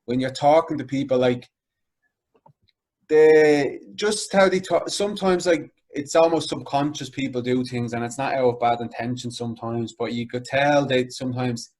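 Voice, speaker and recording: A man's voice: medium pitch, moderate pace, a little mellow. A young man with a Dublin inner-city accent, talking casually as an interview guest with many fillers like "like" and "you know". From Ireland.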